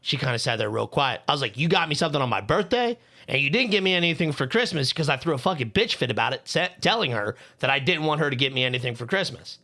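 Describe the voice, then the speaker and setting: A man's voice: mid-range voice, expressive, fast talker, hardly any pauses, bright, forceful tone. A young man co-hosting a podcast, telling a heated, profane story about hating Valentine's Day. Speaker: podcast co-host. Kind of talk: heated casual podcast rant.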